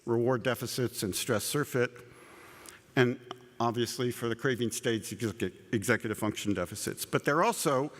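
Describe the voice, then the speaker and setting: A man at a conference lectern lays out a scientific framework in a relaxed, conversational way. He repeats words as he goes and slips in dry asides. His voice carries a long reverb from a large hall. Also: medium pitch, normal speed. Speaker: conference speaker. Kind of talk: plenary scientific lecture.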